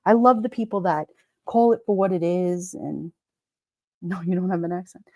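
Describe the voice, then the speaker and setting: This livestream host, a middle-aged woman from New York, chats with her audience over their comments, laughing and cracking jokes throughout. Her lowish voice has a darkish tone at a normal pace, recorded at studio quality with no room sound.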